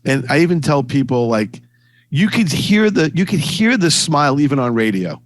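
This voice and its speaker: A man's voice: fairly high pitch, very animated, normal speed, no room sound. A man interviewing a guest, eager, with stammering restarts. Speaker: interviewer, attorney. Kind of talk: interview questions.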